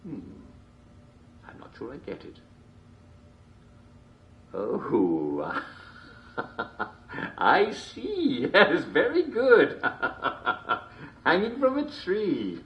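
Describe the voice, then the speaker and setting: A man's voice: lowish voice, big pitch swings, drawn-out words, long pauses, muffled recording, exaggerated voice. An actor playing a jolly TV show host, chuckling constantly between lines in chummy showman patter. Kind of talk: video game character performance.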